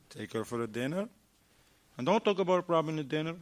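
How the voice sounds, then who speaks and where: A man giving an animated talk at a mosque, firing rhetorical questions at the audience and acting out short dialogues. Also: on the high side, fast. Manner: acts out little dialogues in shifting voices. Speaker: mosque lecturer. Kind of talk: lively mosque talk on marriage.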